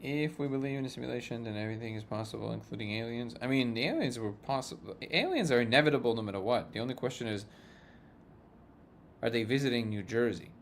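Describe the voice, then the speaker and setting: A man's voice: medium pitch, expressive, quick pace, creaky, a little hiss or hum. Chuckling man hosting a live chat. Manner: jokey, chuckles often between remarks. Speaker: livestream host. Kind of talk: casual live chat reading comments.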